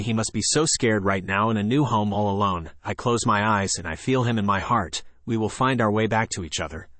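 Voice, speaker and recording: Male horror narrator, lower voice, steady scripted read, dry close sound. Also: brisk, hardly any pauses, dry recording.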